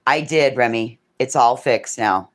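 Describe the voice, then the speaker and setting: A woman's voice: rumbling low, unhurried. A woman hosting a casual livestream, chatting and swearing freely and thanking her viewers by name. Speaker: livestream host. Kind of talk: casual chat.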